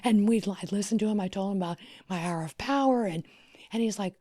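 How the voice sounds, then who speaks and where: A middle-aged woman from Louisiana with a husky, breathy voice shares her story as a podcast guest. Her delivery is expressive: she dips into near-whispers and then climbs with excitement. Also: mid-range voice, brisk. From Louisiana, USA. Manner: expressive, often drops to a whisper or rises excitedly. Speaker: podcast guest, wedding planner. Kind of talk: animated storytelling in conversation.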